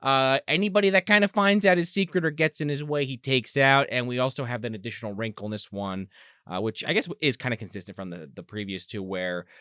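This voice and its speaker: A man's voice: mid-range voice, fast, sharp tone, clear, resonant tone, no room sound, clean studio sound. A man in his thirties co-hosting a casual movie review podcast, rambling and joking as he talks. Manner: rambling, joking, restarts sentences. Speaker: podcast co-host.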